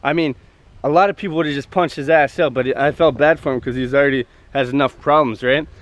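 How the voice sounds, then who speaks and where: A man's voice: medium pitch, steady tone, quick pace, no echo. A man casually telling a long personal story, rambling and profane with lots of fillers, recorded outdoors near traffic. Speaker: host.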